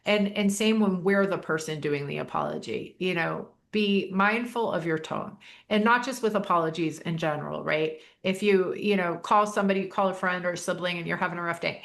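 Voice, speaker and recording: A woman hosts a relaxed coaching talk with a touch of gravel in her voice. She sits at an average pitch and keeps breaking into short acted-out quotes to make her points. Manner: acts out quoted voices, restarts often. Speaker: life coach host. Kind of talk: casual educational chat.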